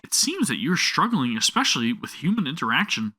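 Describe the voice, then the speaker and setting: A man's voice: on the high side, very animated, fairly quick, sharp tone, heavily acted. A man voicing a bubbly young woman tarot reader, with a faked light French accent and a theatrical, playful delivery.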